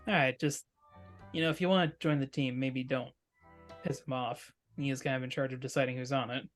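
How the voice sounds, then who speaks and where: An awkward teenage boy superhero who stammers and hedges, with a dry, wry edge, as a man plays him at a tabletop game. His voice sits at an ordinary middle pitch. Faint music runs in the background. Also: steady tone, a little fast, natural voice. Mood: wary. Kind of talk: tabletop role-play.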